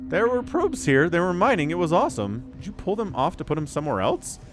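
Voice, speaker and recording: Guy casting a game match, super animated swingy voice, jokes around and reads chat. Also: sits high, fast talker, faint music behind. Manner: excitable, jokey, reads chat aloud. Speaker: game caster. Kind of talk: lively esports commentary.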